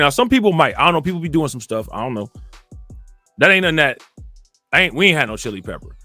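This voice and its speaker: A man's voice: fast talker, long pauses, soft background music. Rambling man with a raised voice. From Cleveland, Ohio. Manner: rambling, repeats filler phrases, grows animated and higher when indignant. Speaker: commentary channel host. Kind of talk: casual commentary monologue.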